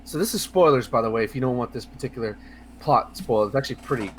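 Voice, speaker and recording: A man co-hosting a casual video game podcast, talking in a rambling, excitable way with lots of fillers, restarts and swearing. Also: medium pitch, fast, a little hiss or hum. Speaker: podcast co-host. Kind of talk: casual podcast chat about video games.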